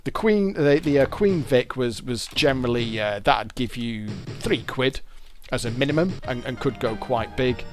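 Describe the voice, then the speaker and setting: A man's voice: medium pitch, animated, moderate pace, music in the background. A British man giving casual, rambling commentary while he plays a fruit machine game and explains its features.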